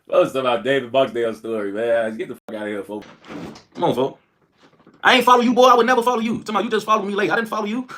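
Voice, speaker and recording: Fast, high-energy streamer man. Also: a little hiss or hum. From Chicago. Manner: loud, excitable, trash-talking, heavy slang. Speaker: livestream host. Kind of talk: casual livestream storytelling.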